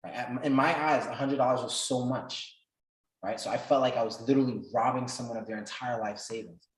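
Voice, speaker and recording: A man speaks to a workshop in a casual storytelling way, mid-pitched and conversational. He gets animated when he acts out what people said, his voice climbing and getting louder. The room around him rings with noticeable echo. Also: brisk. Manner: animated, acts out quoted dialogue with rising pitch and loudness. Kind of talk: personal storytelling talk. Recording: roomy echo.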